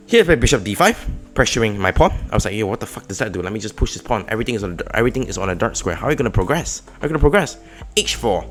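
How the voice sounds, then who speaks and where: A young man narrates his chess game move by move in a casual recap, his pitch swinging widely as he shifts from low muttered analysis to sudden loud excitement. Faint music plays underneath his voice. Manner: animated, jumps between murmured analysis and loud outbursts. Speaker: chess streamer.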